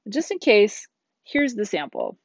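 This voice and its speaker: A woman's voice: mid-range voice, wildly swooping pitch, measured pace, creaky, highs cut off, over loud music. A middle-aged woman teacher explaining a lesson in a chatty way, with casual asides. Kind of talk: recorded classroom lesson. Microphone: tablet screencast voice-over.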